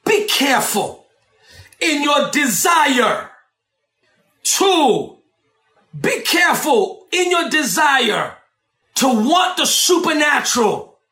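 A man preaching a sermon, shouting and dramatic, with asides to the congregation. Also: extremely high pitch, roomy sound.

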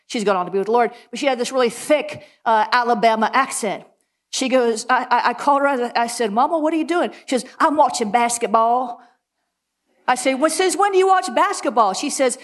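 Woman preacher, kinda high voice, tells stories with lots of energy and asides. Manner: animated storytelling with laughs and quick asides. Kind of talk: sermon.

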